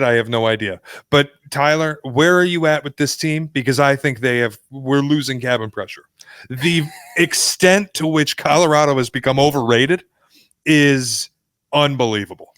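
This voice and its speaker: A man co-hosts a sports podcast, trading wry, self-deprecating jokes in casual chat. His voice is smooth and clear at a middle pitch. The mic is close and dry. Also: moderate pace, a bit bright, no echo. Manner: wry, self-mocking humor. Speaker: podcast co-host.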